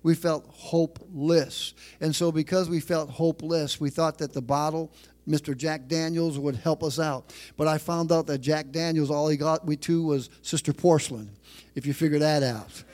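A middle-aged man preaching a sermon as pastor of a church, emphatic, repeating phrases and slowing down on key lines. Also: a little high, steady tone, a little mellow.

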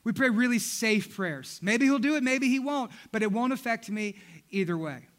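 A man's voice: extremely high pitch, lively intonation, normal speed. A man, a pastor preaching a sermon in church, telling funny stories and talking straight to the congregation. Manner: humorous storytelling, talking directly to the congregation.

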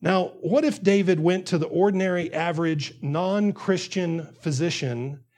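A man's voice: high voice, moderate pace, a little mellow. A man preaching a sermon, earnest, repeating phrases and acting out the quotes he reads.

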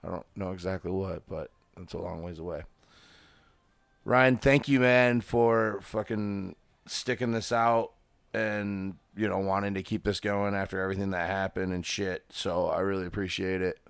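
Host, male, US-born, lowish voice, casual and salty, dry close mic. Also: fairly even intonation, normal speed, vocal fry, clean tone, no room sound. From United States. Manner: loose, profane banter. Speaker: podcast host. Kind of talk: casual podcast chat.

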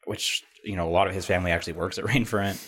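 A man's voice: sits low, fairly even intonation, racing, fairly bright tone, slightly rough. A young adult man hosting a casual podcast chat, telling long rambling stories with plenty of swearing. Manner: rambling storyteller, swears freely. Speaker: podcast host.

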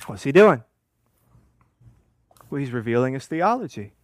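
A man's voice: on the high side, big pitch swings, normal speed, long pauses, no echo. A man preaching an expository sermon, emphatic, asking rhetorical questions and answering them himself. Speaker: pastor.

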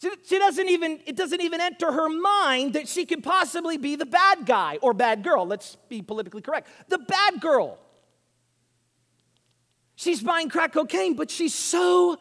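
A man preaching a sermon, swinging from hushed asides to loud, emphatic lines. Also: very high-pitched. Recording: reverberant hall.

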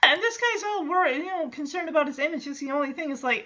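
A woman's voice: high voice, lively intonation, fast, hardly any pauses, bright, forceful tone, dull audio. A woman chatting casually as she recaps a film, with an exasperated, chatty manner. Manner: exasperated, chatty, reacts to the story. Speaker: movie recap host. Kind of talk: casual movie recap commentary.

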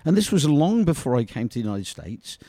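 A middle-aged ex-footballer from Britain appears as a guest in a storytelling interview, rambling through long tales and covering each pause with "you know." His voice is medium-pitched, warm, and sing-song, in a dry recording with clean studio sound.

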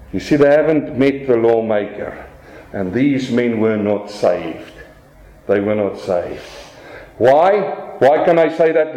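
A man preaching a sermon as pastor, animated, slowing down for emphasis and swinging his voice up and down to make his points. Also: reverberant, low-quality recording. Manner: animated preaching with dramatic pitch swings and slow emphatic phrases.

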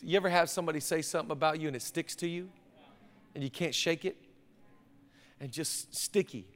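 Recorded in a large church auditorium with a big hall's long reverb, a male pastor with a somewhat high voice delivers his sermon. He speaks conversationally but with emphasis, repeating phrases.

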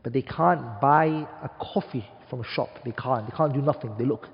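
A man's voice: medium pitch, normal speed, creaky, slight background noise. Emphatic man teaching a class, reverberant room. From United Kingdom. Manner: emphatic, asks the class rhetorical questions; mixes Arabic terms into English speech. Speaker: teacher of an Arabic studies class. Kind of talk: classroom lecture. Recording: dull, reverberant classroom recording.

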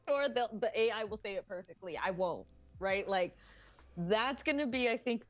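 A woman's voice: medium pitch, unhurried, no room sound, muffled recording. A woman co-hosting a podcast in casual chat, rambling and swearing with frequent giggles. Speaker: podcast co-host.

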